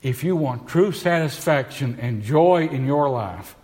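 A man's voice: medium pitch, lively intonation, unhurried, a little mellow. Man preaching in a reverberant church. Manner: preaching with rhetorical questions, reading scripture aloud. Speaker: pastor. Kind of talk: sermon. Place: church sanctuary. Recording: live church sound with long reverb.

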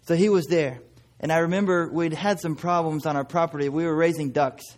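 A man's voice: a little high, a little fast. A male missionary preacher telling a story in a sermon, folksy and conversational.

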